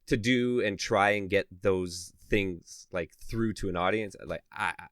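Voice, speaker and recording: A man with a fairly low voice riffs on a horror film in casual podcast banter. He talks loosely and excitedly, with the odd swear word. The recording is dry and close-miked. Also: a little slow, dry recording. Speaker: podcast co-host. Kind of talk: casual movie review chat.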